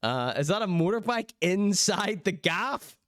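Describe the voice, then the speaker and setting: Wry Northern Irish man, crisp clear voice. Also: high-pitched, lively intonation, unhurried, fairly bright tone, no echo, studio quality. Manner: wry, sardonic, mock-indignant. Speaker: streamer and show host. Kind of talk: live-stream commentary, reading out chat.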